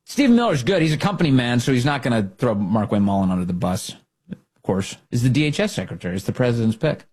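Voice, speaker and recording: A man's voice: fast talker, breathy edge. A man hosting a talk radio show, giving opinionated political commentary with mocking asides. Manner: animated, mocking, swings into high sarcastic voices.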